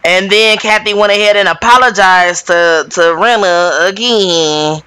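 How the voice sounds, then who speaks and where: A reality TV recap host giving sassy, animated gossip commentary with dramatic asides. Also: medium pitch, unhurried, clean tone, no room sound.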